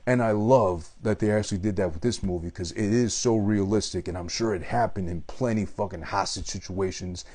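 A man's voice: fairly low pitch, fairly quick, hardly any pauses, dark tone, husky. A man giving a rambling, profane, casual monologue about a movie he loves. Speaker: movie reviewer.

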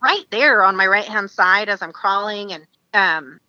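Animated woman from Alaska telling a story. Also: mid-range voice, unhurried, dry recording, lo-fi sound. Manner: animated, laughs often, many fillers. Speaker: guest. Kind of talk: casual storytelling.

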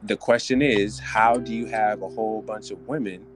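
A man's voice: fairly low pitch, moderate pace, over music. Joking, profane podcast host man. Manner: animated, joking, profane rants with many restarts. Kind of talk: casual comedic podcast chat.

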